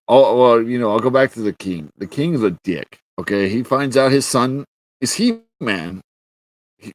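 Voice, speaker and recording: This is a man in a loose, ranting review, exasperated and swearing freely as he piles on filler words. His voice sits a little low and sounds dry and close, with no room around it. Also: no room sound. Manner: profane, exasperated, heavy on fillers. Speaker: show reviewer. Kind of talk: casual ranting commentary.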